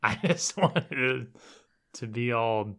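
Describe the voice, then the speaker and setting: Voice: medium pitch, expressive, takes it slowly, a bit bright. A podcast co-host in casual chat, tossing in joking, sarcastic quips.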